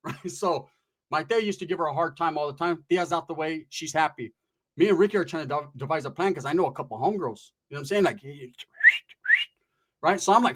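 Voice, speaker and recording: High-voiced man telling a slangy comic story. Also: fairly quick. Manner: slangy, profane, loose asides. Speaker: stand-up storyteller. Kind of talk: comedic storytelling.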